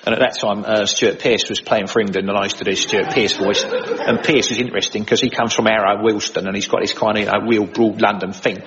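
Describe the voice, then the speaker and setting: A man's voice: fairly low pitch, steady tone, fairly quick, fairly bright tone, muffled recording. A man, an impressionist, chatting in a radio studio interview, laughing often as he talks. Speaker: impressionist guest. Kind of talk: conversational interview.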